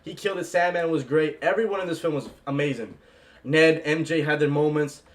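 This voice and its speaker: A young man in an excited, casual movie reaction vlog, gushing and repeating "bro" and "man". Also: fairly high pitch, a little fast.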